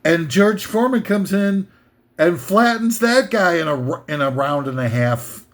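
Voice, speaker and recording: An American man hosting a comedic top ten list, rambling and interrupting himself, now and then shouting out impressions. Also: high-pitched, animated, a little slow.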